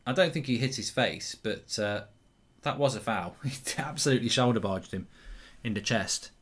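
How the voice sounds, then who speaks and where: Casting note: man hosting a football stream, mid-pitched, chatty and rambling. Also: normal speed, fairly bright tone. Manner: chatty, reads viewer comments aloud, many ums and restarts. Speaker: host of a football watchalong. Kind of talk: casual live-stream chat and commentary.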